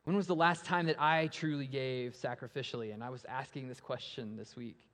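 A man's voice: mid-range voice, fairly quick. Preaching man in a reverberant hall. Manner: rhetorical questions, swelling then dropping to a hush; animated when acting out story voices. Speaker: pastor. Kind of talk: sermon. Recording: long reverb of a large hall.

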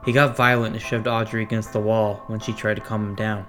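A man voicing a guilt-ridden male crew chief on a space station in a horror story reading, speaking in a subdued, halting way. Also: lowish voice, little pitch movement, natural voice. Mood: guilty. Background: music.

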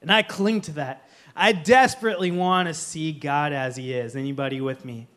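A man's voice: a little high, moderate pace, fairly bright tone. A man preaching as a pastor in a church, earnest and emphatic, now and then slipping into playful humor. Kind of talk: sermon.

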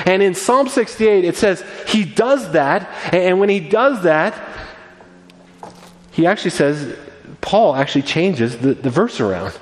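A man's voice: high voice, measured pace. Man preaching in an echoing church. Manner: earnest, animated preaching with frequent restarts. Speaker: pastor. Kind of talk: sermon. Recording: long reverb of a large room.

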